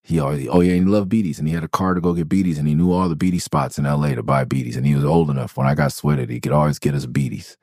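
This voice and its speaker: Speaking at an extremely low pitch, a Los Angeles podcast host rattles off profane, rambling stories about his early music days, correcting himself frequently. His intonation is fairly even and a little mellow, his pace quick with hardly any pauses, and the recording is dry and studio quality.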